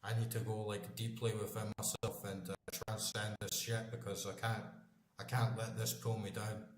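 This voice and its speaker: A man's voice: fairly low pitch, little pitch movement, normal speed. A man in his forties, a gaming channel host, chatting casually in a rambling, emphatic way and swearing constantly. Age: 40s. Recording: echoey room.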